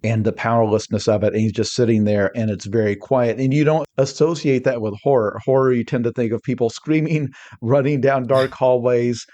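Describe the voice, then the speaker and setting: A man talking as a podcast guest, energetic and rambling, often restarting his sentences mid-thought. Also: medium pitch, a little fast, few pauses. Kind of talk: casual podcast discussion.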